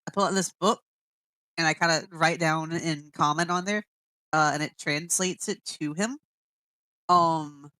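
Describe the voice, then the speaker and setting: A woman's voice: deep voice, measured pace, long pauses, bright, forceful tone, dry recording. A woman playing in a tabletop game, describing what her character does. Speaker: player. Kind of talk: tabletop role-play chat.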